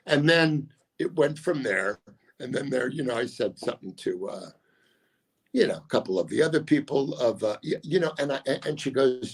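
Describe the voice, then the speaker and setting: A man's voice: medium pitch, expressive, normal speed, breathy edge. A middle-aged man, a comedian and guest, telling long, self-mocking stories in casual chat, often stopping and restarting his sentences. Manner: rambling, self-mocking anecdotes with many restarts. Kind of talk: casual storytelling interview.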